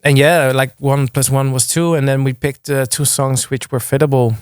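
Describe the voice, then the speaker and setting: A young man talks casually as an interview guest, often stopping and restarting his sentences. His voice is smooth and resonant, recorded close and dry with no room sound. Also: medium pitch, flat delivery, moderate pace, no room sound. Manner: hesitant, many restarts and fillers. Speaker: guest music producer.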